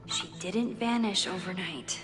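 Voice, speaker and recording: A woman voices a soft-spoken, reflective young photographer in a story game. She talks in a mid-range voice, quietly and inward, with clear music playing behind her. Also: medium pitch, unhurried, close to an everyday voice. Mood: wistful. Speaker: game protagonist voice.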